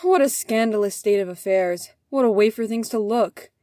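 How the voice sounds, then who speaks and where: A woman's voice: medium pitch, moderate pace, mellow, no room sound, clean studio sound, natural voice. Woman doing a huffy fussy old official. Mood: indignant. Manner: huffy and complaining. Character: fussy, indignant older male official, lost.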